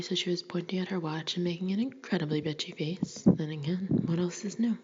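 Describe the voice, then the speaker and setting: A woman with a fairly low, dark voice whispers through a first-person novel as an audiobook, brisk and fairly even in intonation, her tone intimate and wry. The lo-fi recording sounds dull, with a faint hiss.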